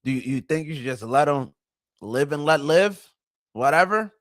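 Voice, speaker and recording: A man hosting a casual commentary show, talking in an animated way, with rhetorical questions and mocking voices. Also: a little high, normal speed. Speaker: show host.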